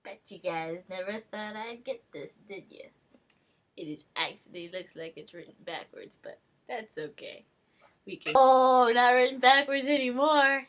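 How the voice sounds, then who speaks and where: A young woman with a fairly high voice talks to her camera in a loose, rambling vlog. She teases herself and giggles often between thoughts. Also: fairly even intonation, unhurried. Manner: rambling, self-mocking, giggly. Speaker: vlogger. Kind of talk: casual webcam monologue.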